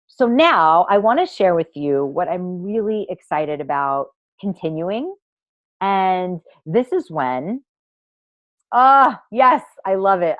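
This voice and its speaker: A woman's voice: mid-range voice, no echo, lo-fi sound. A woman hosting a live online masterclass for women, talking in a theatrical, emphatic, gushing way and swearing freely. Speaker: online workshop host and women's coach.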